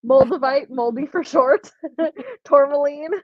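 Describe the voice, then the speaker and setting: A woman's voice: high voice, a little slow, no echo, lo-fi sound. A young woman hosting a casual livestream giveaway, chatting and laughing while reading comments from chat aloud. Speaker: livestream host running a giveaway.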